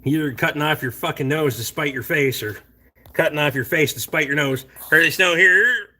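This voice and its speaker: Bright-voiced, foul-mouthed man. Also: fairly high pitch, a little fast, breathy edge. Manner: profane, blunt and rambling. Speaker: livestream host reading chat. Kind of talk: casual late-night chat.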